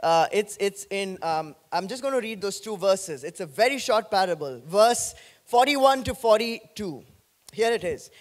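A man pastor preaching an animated sermon, joking with the congregation. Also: sits high, measured pace.

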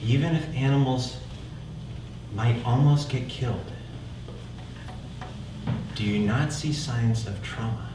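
A man's voice: medium pitch, takes it slowly, long pauses. A man performing a theatrical storytelling monologue in a one-man show, talking conversationally and often checking in with the audience with "right?". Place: live stage in a theater. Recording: echoey room, mic far off, noisy.

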